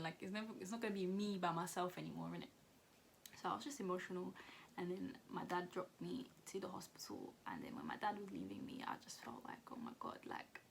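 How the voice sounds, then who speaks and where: A woman's voice: medium pitch, a little hiss or hum. A young woman, chatting casually through a storytime vlog, retelling events with lots of fillers and acted-out quotes. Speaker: vlogger.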